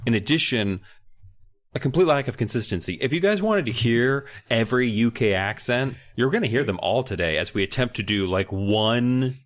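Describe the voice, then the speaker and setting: A man's voice: medium pitch, lively intonation, normal speed. A man co-hosting a comedy podcast, chatting casually and joking, sometimes stammering as he starts. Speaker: podcast co-host.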